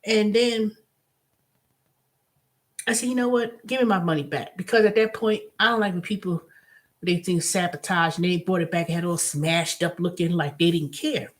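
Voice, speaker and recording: Blunt, animated woman vlogger. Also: lowish voice, normal speed. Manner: animated storytelling, blunt and profane. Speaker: host. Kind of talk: casual vlog monologue.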